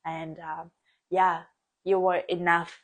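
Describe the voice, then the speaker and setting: A woman giving reflective coaching talk on a live stream as a dance embodiment mentor, earnest and quick to laugh, speaking into a phone. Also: fairly low pitch, level tone. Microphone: phone mic on a live stream.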